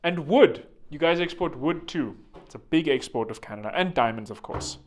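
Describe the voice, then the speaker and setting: A man's voice: a little high, expressive, normal speed. A man hosting a vlog with rambling comedic commentary, joking and digressing, full of fillers. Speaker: vlog host.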